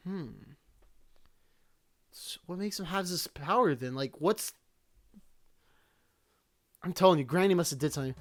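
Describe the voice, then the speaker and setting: A VTuber doing casual reaction commentary, animated and prone to joking rants. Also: medium pitch, measured pace, pauses often. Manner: animated, ranting, joking asides.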